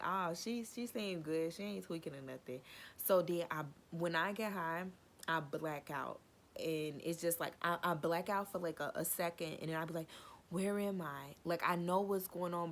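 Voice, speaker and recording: A woman vlogger telling a funny personal story in casual, animated slang, swearing freely and acting out what people said. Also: low voice, a little hiss or hum.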